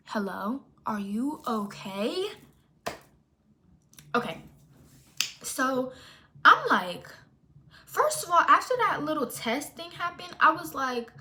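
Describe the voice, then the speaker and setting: A young woman telling a storytime in a casual, animated and sassy way, with exaggerated retellings. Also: sits high, slow, long pauses. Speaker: storytime vlogger.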